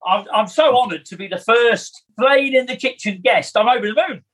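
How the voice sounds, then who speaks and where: A man's voice: very high voice, normal speed, fairly bright tone. A man chatting casually as a podcast guest from his home kitchen, rambling and laughing easily. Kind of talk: casual chat.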